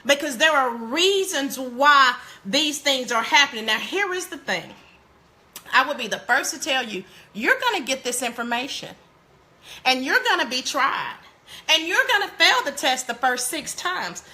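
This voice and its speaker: Lively lady hosting a parenting stream, kinda preachy, laughs a lot, chats right at her viewers. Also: sits high, unhurried. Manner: animated and preachy, laughing often, speaking straight to viewers. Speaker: parenting show host. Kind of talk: live-streamed parenting talk.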